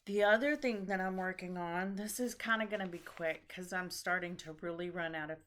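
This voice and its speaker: A woman's voice: fairly low pitch, a little fast, fairly bright tone. A tired woman hosting a casual knitting chat, rambling with lots of ums and restarts. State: tired after a long trip. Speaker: knitting podcast host.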